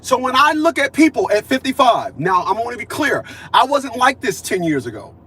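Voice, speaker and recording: A man's voice: very high-pitched, big pitch swings, moderate pace, bright, forceful tone, slightly rough. A man in his fifties talking in a casual monologue, emphatic and repetitive, acting out conversations he had. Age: 50s. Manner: emphatic, repeats himself, acts out conversations. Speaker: vlogger.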